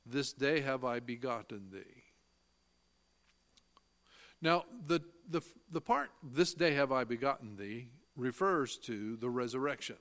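A man's voice: mid-range voice, fairly bright tone. A man preaching a sermon. He reads scripture aloud and explains it, stresses key phrases and asks the listeners questions, then answers them himself. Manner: slow, emphatic delivery, quoting scripture in old-fashioned wording.

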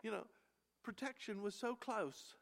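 A man preaching an expository sermon, reading scripture slowly and swinging between loud emphasis and hushed near-whispers. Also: high-pitched. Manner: reads verses in slow King James cadence.

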